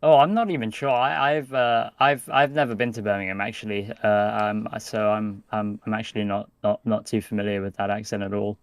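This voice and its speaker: A man's voice: lowish voice, steady tone, brisk, few pauses, clear, resonant tone, dry recording. A British man, a podcast guest, chatting hesitantly with many fillers and restarts. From United Kingdom. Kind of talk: casual podcast chat.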